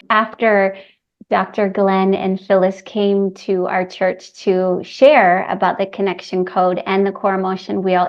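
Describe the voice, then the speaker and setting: A woman hosting a podcast interview, affirming her guest often and telling stories in a conversational way. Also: medium pitch. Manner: warm, encouraging listener with frequent affirmations. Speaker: podcast host. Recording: slightly dull, lo-fi sound.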